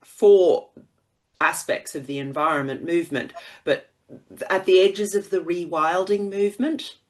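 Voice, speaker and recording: A woman from Queensland, a podcast guest talking in a dry, wry way with quick laughs. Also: on the low side. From Queensland, Australia. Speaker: guest writer. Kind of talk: casual podcast conversation.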